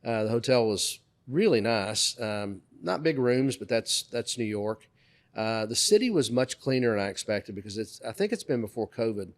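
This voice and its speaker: A man's voice: fairly low pitch, normal speed. A middle-aged man co-hosting a podcast, telling a story in casual conversation and acting out the dialogue. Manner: animated anecdote teller, acts out dialogue. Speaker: podcast co-host.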